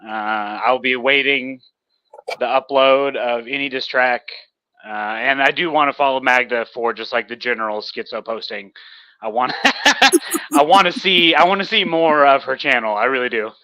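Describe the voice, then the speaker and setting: A man's voice: medium pitch, moderate pace, pushed and bright, clear, resonant tone, no room sound, highs cut off. Easygoing young man with a light Texan accent. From Texas. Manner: easygoing, rambling with fillers. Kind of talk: casual chat.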